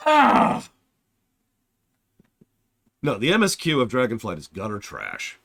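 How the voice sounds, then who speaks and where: A man's voice: on the low side, wildly swooping pitch, brisk, creaky, fairly bright tone, no echo, studio quality. A man giving casual stream commentary as a game reviewer, blunt and sarcastic, acting out scenes with theatrical flair.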